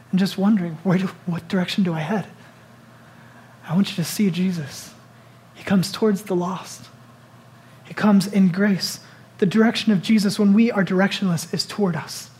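A pastor preaches in an easy, conversational way, often turning to listeners with rhetorical questions. His medium-pitched voice swings between loud, urgent emphasis and a soft, hushed, intimate tone.

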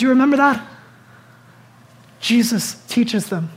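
Delivering a conversational sermon, a pastor poses many rhetorical questions and alternates between loud, urgent lines and quiet, hushed ones. The pitch is medium, the pace moderate, with long pauses.

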